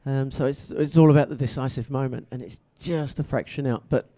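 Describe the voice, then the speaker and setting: Flat-toned man judging with measured hesitation. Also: mid-range voice. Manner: measured and hesitant, with many ums. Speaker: competition judge. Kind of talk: spoken critique.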